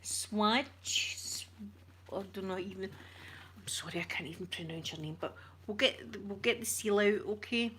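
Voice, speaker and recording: A Scottish woman chatting with her viewers on a live stream, switching between whispers and soft talk. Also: mid-range voice, normal speed, a little hiss or hum. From Scotland. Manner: uses Scottish words like wee.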